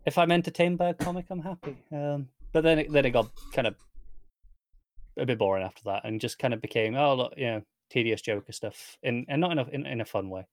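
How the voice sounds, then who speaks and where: A man co-hosting a casual comic review chat, measured and even-handed, with hesitant restarts. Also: medium pitch, no echo, studio quality. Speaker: podcast co-host.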